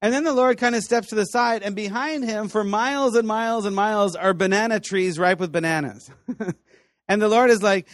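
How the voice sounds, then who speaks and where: Animated high-voiced male Bible teacher. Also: normal speed, dry recording, studio quality. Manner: animated storytelling, acting out voices with laughs. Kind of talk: lively teaching talk to students.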